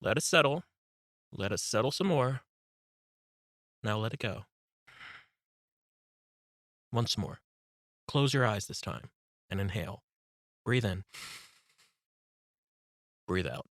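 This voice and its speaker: Male audiobook narrator, meditation guide, calm and instructive, bright voice, dry booth. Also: fairly low pitch, no echo. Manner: calm, instructive, slow cues.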